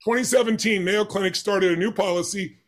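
A man's voice: high voice, steady tone, fairly quick. A man who is an interview guest, telling a personal story with animation and acting out the dialogue with emphatic voices.

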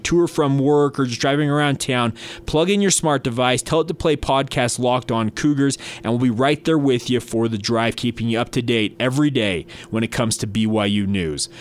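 Man hosting a college football podcast. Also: mid-range voice. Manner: conversational, with fillers and restarts. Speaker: podcast host. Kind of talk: sports podcast talk.

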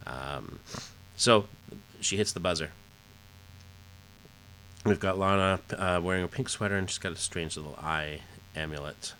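Deep-voiced man rambling casually. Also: bright, forceful tone, slight background noise. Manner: rambling, lots of fillers. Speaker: podcast host. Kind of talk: casual comic book recap.

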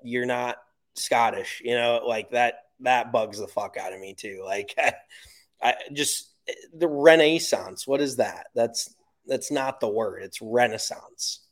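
An American man rants bluntly about golf, swearing freely as he goes. His pitch sits in the middle of the usual range. It is loose, unscripted podcast chat. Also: measured pace. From United States. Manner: blunt, profane ranting. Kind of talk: casual chat.

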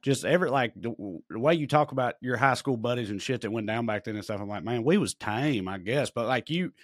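Male podcast co-host; middle pitch, dry studio sound; easygoing, slangy talker. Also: fast, no room sound. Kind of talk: casual chat.

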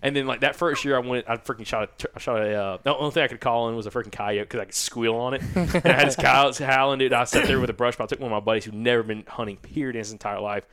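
A young man from Arkansas hosting a podcast, telling a hunting story in a rambling, animated way and saying "like" and "dude" a lot. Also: medium pitch, very fast, few pauses. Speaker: podcast host. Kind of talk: casual storytelling chat.

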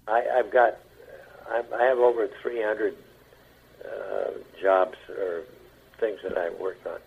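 Husky older man on radio. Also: lowish voice. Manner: halting, repeats words, chuckles at his own stories. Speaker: actor as guest. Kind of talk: anecdotal interview talk. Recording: dull lo-fi radio broadcast.

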